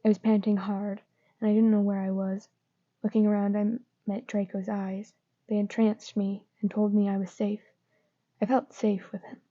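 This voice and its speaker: A woman reading fan fiction aloud in a flat, subdued way. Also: medium pitch, moderate pace. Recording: dull lo-fi recording.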